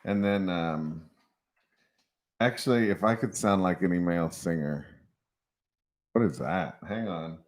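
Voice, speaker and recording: Very deep-voiced rambling male streamer. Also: unhurried, long pauses. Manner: rambling and chatty, laughs often. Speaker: livestream host. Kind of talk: casual livestream chat.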